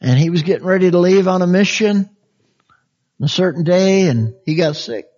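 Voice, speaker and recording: In this dull, lo-fi recording, a man gives a conversational, down-home sermon at normal speed. Frequent chuckles punctuate big shifts between high, animated phrases and soft, quiet passages.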